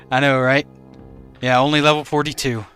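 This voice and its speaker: A man's voice: mid-range voice, a bit bright, clean tone. A man streaming a game from home in regional Australia, easygoing as he greets and thanks viewers by name. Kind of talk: live stream chat with viewers.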